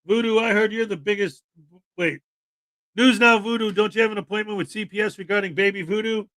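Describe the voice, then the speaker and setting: A man's voice: sits high, normal speed, long pauses, a bit bright, dry recording, a faint crowd. A man hosting a casual live stream, joking sarcastically and chuckling as he comments. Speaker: streamer host.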